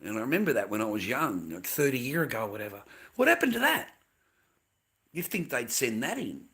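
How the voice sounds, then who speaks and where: A middle-aged man with an Australian accent talks straight to his stream chat. He is blunt, swears at nearly every turn, and repeats himself as he goes. His pitch sits in a plain middle range. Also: very animated, a little fast, sharp tone. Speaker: livestreamer. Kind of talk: profane livestream rant to chat.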